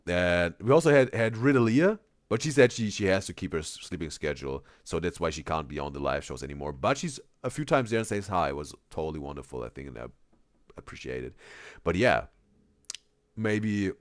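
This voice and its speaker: Male live streamer, low voice, animated, dry room; rambles and reads chat. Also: a little fast, no room sound. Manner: rambling, repeats words, reads chat aloud. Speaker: reaction streamer.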